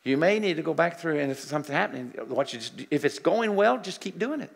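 An older male preacher with a strongly gravelly, husky voice, pitched a little high for a man. He tells healing stories in an animated way, acting out both sides of the conversation. At times he sinks into quiet, murmured prayer. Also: quick pace, few pauses. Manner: animated storytelling, acting out dialogue, drops to soft prayerful murmurs. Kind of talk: sermon. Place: church sanctuary.

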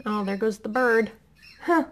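A middle-aged haul vlogger from Indiana, USA, chats enthusiastically through a product haul at home, filling her casual talk with plenty of ums. Her voice sits fairly high and moves a little slowly.

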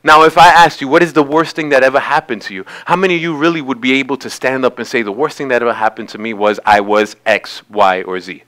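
A man's voice: mid-range voice, quick pace, hardly any pauses, sharp tone. A male pastor giving a sermon, talking conversationally and building to emphatic peaks. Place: church sanctuary.

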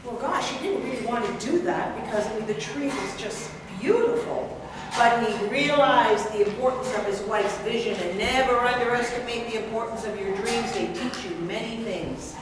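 A woman storyteller from Canada performs folk tales live, with lively, expressive delivery and asides to the audience. Her voice is fairly high and heavily echoing. The recording picks her up from far away in a big reverberant hall with audible background noise. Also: moderate pace. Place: large hall. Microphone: distant mic.

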